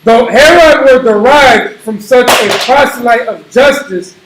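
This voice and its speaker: A man with a very high voice reads a text aloud in a slow, careful way and trips over some of the harder words. His voice carries the echo of the room. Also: background noise. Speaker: scripture reader.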